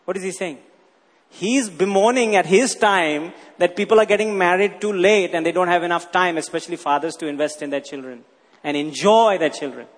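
A man's voice: high-pitched, a little fast. A man preaching a sermon as pastor, emphatic and acting out quoted voices. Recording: long hall reverb.

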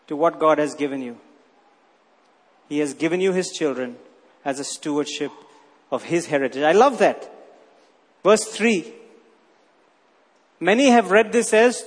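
A man preaching a sermon as pastor, emphatic and acting out quoted voices. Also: sits high. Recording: long hall reverb.

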